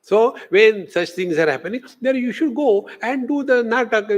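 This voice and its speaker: A man's voice: sits high, moderate pace, hardly any pauses, lo-fi sound. A man with an Indian English accent giving a spiritual discourse as a swami, telling stories and acting out the voices of the people in them. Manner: animated storytelling, acting out quoted voices. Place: lecture hall.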